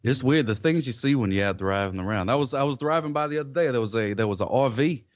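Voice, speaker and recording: A man of middling pitch riffs as a police officer in an improvised comedy chat, deadpan and rambling. His voice is dry and close, with a dull, slightly muffled sound. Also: fast talker, no room sound. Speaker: comedy podcast host.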